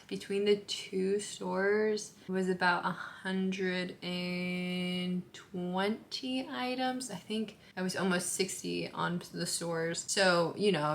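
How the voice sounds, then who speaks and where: A woman's voice: lowish voice, fairly bright tone. A young woman vlogging casually about her crochet business, tired and chatty with lots of "like" fillers. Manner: chatty, rambling, frequent "like" fillers. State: tired and sleepy. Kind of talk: casual vlog talk to camera.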